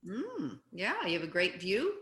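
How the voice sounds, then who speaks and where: Bright-voiced woman guest, roomy echo. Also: mid-range voice, measured pace. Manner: expressive, warm storytelling with animated emphasis. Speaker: guest, anti-bullying advocate. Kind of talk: casual conversational interview. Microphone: video call. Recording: roomy, echoey room sound.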